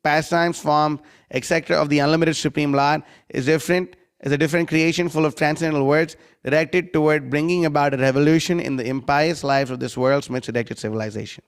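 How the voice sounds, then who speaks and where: High-voiced man preaching with rhetorical questions. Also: steady tone, fairly quick, smooth. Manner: quotes critics in a mocking voice; recites Sanskrit verses. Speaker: devotional class speaker. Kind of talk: scripture class lecture.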